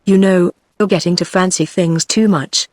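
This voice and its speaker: A woman's British text-to-speech voice reading the lines of a gruff male second mate on a sailing ship. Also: fairly low pitch, fairly even intonation, moderate pace, a little mellow, no room sound, studio quality, lightly acted. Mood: curt. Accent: British English.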